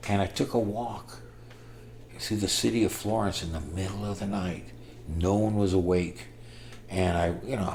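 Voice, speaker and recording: An older man in his sixties tells a travel tale in a casual, animated way, acting out the people he met and getting loud when the story peaks. His voice sits low. A faint hiss of noise runs under the talk. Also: normal speed, creaky. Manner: animated, acts out voices, bursts of loud excitement.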